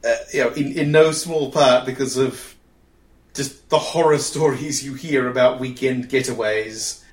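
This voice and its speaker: A man's voice: mid-range voice, steady tone, unhurried. Wry New Zealand man in an echoey room. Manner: wry, dry humour. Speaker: podcast host. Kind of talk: casual chat, reading listener ideas. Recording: roomy echo.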